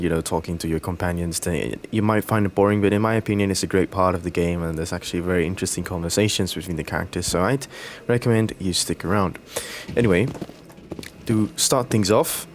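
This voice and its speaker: A young man hosting a let's play, commenting on gameplay in a relaxed, rambling way with hesitant fillers, over game audio. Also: low-pitched, a little hiss or hum.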